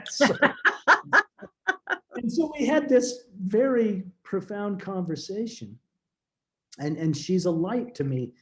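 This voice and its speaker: A middle-aged man telling a deeply personal story as a podcast guest, earnest and halting, often restarting his words. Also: big pitch swings, darkish tone.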